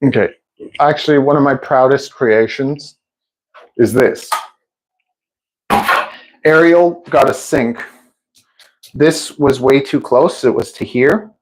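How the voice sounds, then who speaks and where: A man's voice: medium pitch, slow pace, long pauses, rough recording. A man talking casually on a live stream at home, rambling and restarting sentences as he shows off things he designed. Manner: chatty, rambling, often restarts sentences and laughs at himself. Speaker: streamer and drone builder. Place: indoors at home, near a kitchen sink.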